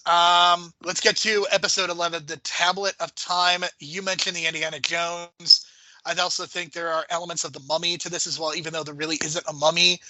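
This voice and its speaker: A man co-hosting a podcast, giving measured, analytical opinions in casual chat. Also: fairly high pitch, sharp tone, dry recording, poor audio. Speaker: podcast co-host.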